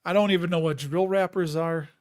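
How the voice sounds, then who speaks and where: A man's voice: a little high, steady tone, brisk. A man with a Chicago accent hosting a casual live stream, rambling and chatty and often laughing as he reads out viewer comments.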